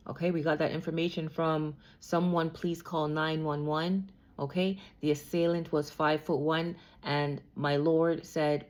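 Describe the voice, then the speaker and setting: A woman's voice: sits low, fairly even intonation, unhurried. A woman giving a tarot reading alone, emotional and prone to repeating her phrases. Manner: emotional, repeats phrases, drifts into soft sung lines. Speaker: tarot reader.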